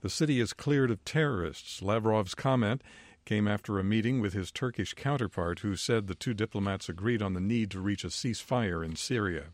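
Low-voiced male news anchor, dry sound. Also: dry recording. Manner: measured, even newsreader delivery. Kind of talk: scripted news reading.

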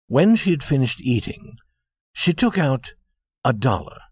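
A man narrating a story with a measured, expressive delivery. His voice is slightly husky, and his intonation rises and falls freely. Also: mid-range voice, no echo, studio quality.

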